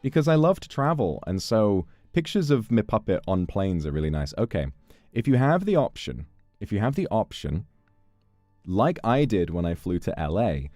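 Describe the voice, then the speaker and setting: A man with a low voice chats casually with his stream audience, thanking donors and telling stories. His pitch swings widely as he jokes and swears. The sound is close and dry, with no room echo. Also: moderate pace, faint music behind. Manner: animated and playful, swears casually. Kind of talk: casual stream chat reading donations.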